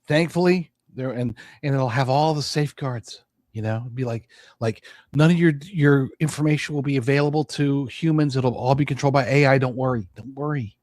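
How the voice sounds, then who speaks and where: A male podcast host talking in a loose, rambling monologue and often restarting his sentences. His voice sits at an ordinary middle pitch. The recording is dry and close, with no room sound. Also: a little fast, a little mellow, no room sound. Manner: rambling, conversational, with frequent restarts. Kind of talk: casual political monologue.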